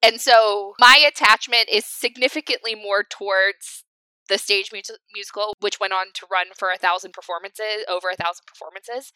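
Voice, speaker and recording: A young adult woman co-hosting a casual podcast chat, animated and laughing often. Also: mid-range voice, moderate pace, clear, resonant tone, no room sound, poor audio. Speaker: podcast co-host.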